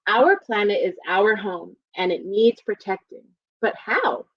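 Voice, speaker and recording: A woman librarian leading a live storytime for young children, reading aloud and explaining in a gentle, encouraging way. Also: mid-range voice, big pitch swings, unhurried, no echo, lo-fi sound.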